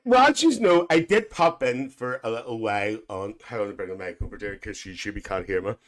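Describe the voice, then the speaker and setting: A man's voice: mid-range voice, natural voice. A man playing a cheeky, gossipy Northern Irish aunty with a Northern Irish accent, hosting a live stream in chatty, bawdy banter full of cackles.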